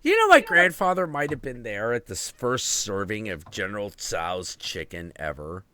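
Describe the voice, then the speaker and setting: A man in his thirties hosting a casual stream chat, telling stories in an animated, profane way. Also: fairly low pitch, normal speed, no room sound. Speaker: host.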